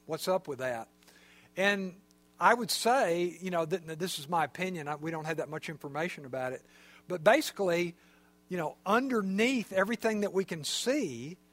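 High-voiced male preacher. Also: moderate pace, fairly bright tone. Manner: conversational, explanatory, with fillers. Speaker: pastor. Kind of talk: sermon.

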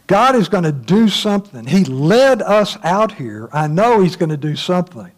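A man's voice: high voice, animated, moderate pace. Folksy man teaching scripture. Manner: folksy, chatty, many uh fillers, chuckles at his own asides. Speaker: Bible teacher. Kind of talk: casual Bible lesson.

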